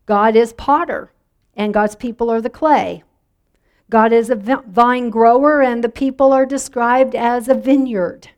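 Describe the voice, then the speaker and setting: A woman's voice: a little high, fairly even intonation, measured pace, a little mellow. A middle-aged woman pastor preaching a sermon in a conversational way, drawing answers from the congregation. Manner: conversational, inviting congregation responses.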